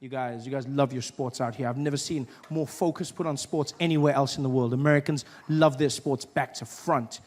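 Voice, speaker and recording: A man performing a lively stand-up comedy routine, slipping in and out of mimicked voices. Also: mid-range voice, brisk, hardly any pauses, faint music behind. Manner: animated, swings into mimicked voices. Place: theater stage before an audience. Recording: live stage set with loud crowd and noise.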